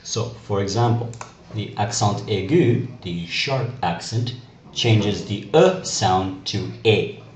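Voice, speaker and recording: Slow-talking male French teacher. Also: fairly low pitch, lively intonation, a little mellow. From Canada. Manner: deliberate, explanatory, spells out letters. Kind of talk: classroom video lesson. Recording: echoey room with faint noise.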